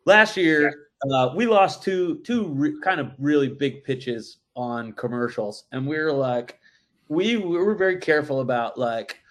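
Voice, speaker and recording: A man telling a story as a podcast guest, animated and full of swearing. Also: a little high, a little slow. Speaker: brewery guest. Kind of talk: casual podcast chat.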